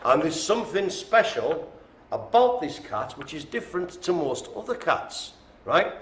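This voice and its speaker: A man's voice: fairly high pitch, very animated, measured pace, fairly bright tone, slight background noise. A man calling bingo live in a care home, chatty and playful, joking with the room. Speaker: bingo caller. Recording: echoey room.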